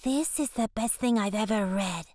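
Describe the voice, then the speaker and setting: A woman's voice: mid-range voice, moderate pace, darkish tone, slight background noise, natural voice. A woman voicing a cheerful little cartoon pet, bubbly and enthusiastic. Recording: dry studio voice, light music.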